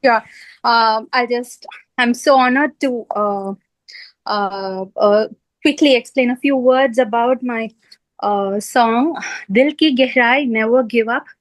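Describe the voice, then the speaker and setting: A woman composer and singer on a video call, out of breath at a railway station, talking haltingly with many fillers and apologies. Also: on the high side, no echo, rough recording. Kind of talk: video call panel talk.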